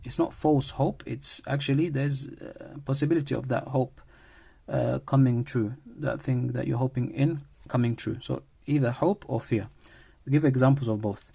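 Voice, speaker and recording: His voice is middle-pitched, gravelly, husky, and mellow, moving at normal speed through a grammar lesson. Patient and classroom-like, he repeats key phrases and grounds each point in everyday examples.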